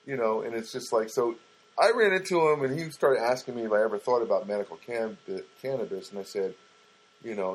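Sex: man. Style: casual storytelling monologue. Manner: rambling, conversational. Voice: husky, mid-pitched. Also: fairly quick, rough recording. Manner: rambling, conversational, frequent restarts.

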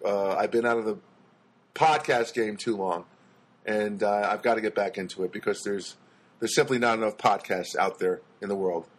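A man's voice: fairly low pitch, steady tone, normal speed. A man hosting his own podcast in a rambling comic monologue, full of ums, restarts and dry self-deprecating asides. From United States. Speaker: podcast host and stand-up comedian.

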